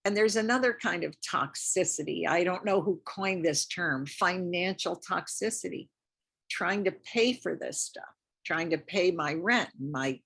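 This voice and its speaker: A woman's voice: lowish voice, animated, unhurried, creaky, fairly bright tone, breathy edge. An older woman lecturing at a community health talk, chatty and encouraging, often repeating herself for emphasis. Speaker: lymphedema lecturer. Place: community center lecture room.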